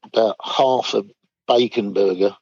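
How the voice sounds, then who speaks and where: Chuckling frequently, an older man recounts army stories in a relaxed chat, imitating the voices of those he quotes. He speaks unhurriedly in a lowish, slightly mellow voice with a breathy edge, in a dull, dry recording with no echo.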